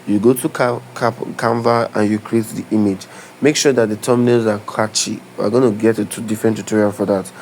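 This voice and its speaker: A man's voice: on the low side, steady tone, brisk, a little mellow, slight background noise, low-quality recording. A man giving a live step-by-step tutorial, talking loosely and often stopping to ask if you understand. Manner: instructive, keeps asking "do you understand?"; loose, repeats and restarts phrases. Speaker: tutorial creator. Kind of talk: live screen-share tutorial.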